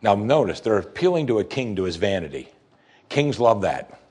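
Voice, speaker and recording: Man, pastor, sermon, husky voice, reads scripture then comments emphatically. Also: lowish voice, big pitch swings, normal speed, a little mellow.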